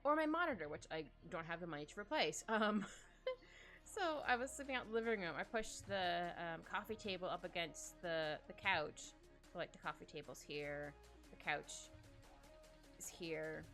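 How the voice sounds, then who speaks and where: A woman's voice: on the low side, animated, moderate pace. A woman livestreaming at home, chatting casually while she draws, rambling and giggling through her stories. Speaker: livestreaming artist. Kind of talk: casual chat while drawing. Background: soft background music.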